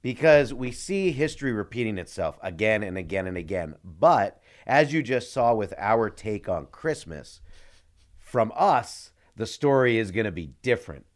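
Low-voiced man joking through casual podcast chat. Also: moderate pace. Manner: joking, animated banter. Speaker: podcast co-host.

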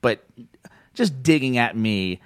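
A man's voice: mid-range voice, slow, clear, resonant tone, no room sound, studio quality. A man hosting a podcast in casual chat, telling stories with lots of laughs and swearing. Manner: animated storyteller, swears freely, laughs often. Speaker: podcast host.

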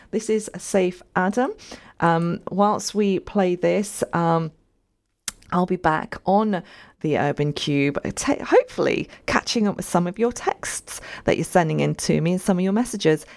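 A woman hosts a relaxed radio talk show in a slightly low voice. She chats in a meandering, friendly way and keeps turning to her listeners with questions. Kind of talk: casual radio chat.

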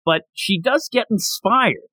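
A man recaps a manga chapter on a podcast in a casual, animated way and keeps slipping into its characters' lines. His voice sits fairly high and swings widely in pitch. The sound is dry and close to the mic. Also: slow pace, no room sound, rough recording. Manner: animated retelling with quoted lines. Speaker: podcast host.

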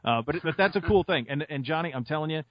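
A man from Montana, co-hosting a sports podcast and telling rambling stories in a casual, animated way. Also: fairly high pitch, quick pace, no echo, lo-fi sound. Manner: animated storyteller, rambling with fillers. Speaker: podcast co-host and sports radio host.

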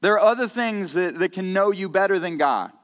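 A man's voice: high-pitched, lively intonation, a little fast, a bit bright, long reverb tail. A man preaching a conversational sermon in a church, earnest and candid, often repeating words as he goes. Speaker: pastor. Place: church sanctuary.

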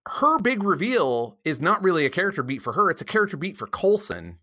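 A woman's voice: fairly low pitch, big pitch swings, a little fast, bright, forceful tone. A woman co-hosting a podcast, making dry, wry remarks in casual chat. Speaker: podcast co-host. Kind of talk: casual chat reviewing a TV episode.

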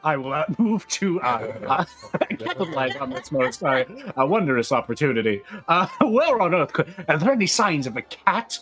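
A tabletop game player who hams up their lines in a grand, theatrical manner. Their voice swings widely in pitch, and they stall often with drawn-out uhs. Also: big pitch swings, over music. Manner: theatrical, hesitant, with many uhs. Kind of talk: casual tabletop game play.

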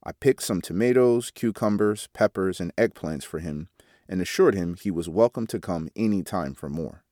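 A man reading a devotional article aloud in a measured way, announcing each quotation out loud. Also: sits low, animated, no room sound, clean studio sound. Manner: measured, reads quote marks aloud. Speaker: devotional reader.

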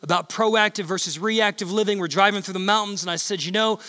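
Fast and high-pitched, this male pastor preaches in a large church hall, hammering points through repetition and escalating into shouts.

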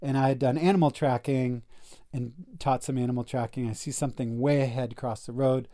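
A man's voice: medium pitch, fairly quick. Earnest man telling a story. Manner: earnest and animated, with frequent "like" and self-corrections. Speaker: guest telling his story. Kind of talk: casual storytelling in a podcast conversation.

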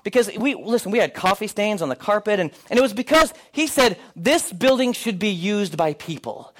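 Animated high-voiced male pastor. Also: normal speed. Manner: animated storyteller, acts out dialogue with rising pitch. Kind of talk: sermon with storytelling.

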